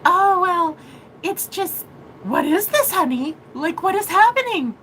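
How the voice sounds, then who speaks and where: A woman's voice: very high-pitched, sing-song, measured pace, a bit bright, slight background noise, pitched above the performer's own voice, exaggerated voice, low-quality recording. Woman putting on a sweet sleepy older mother. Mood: puzzled.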